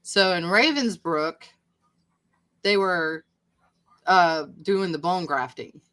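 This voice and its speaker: A woman hosting a live video chat, reading history notes aloud and thinking out loud, swearing casually now and then. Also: on the low side, slow pace, rough recording. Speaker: host. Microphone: video call.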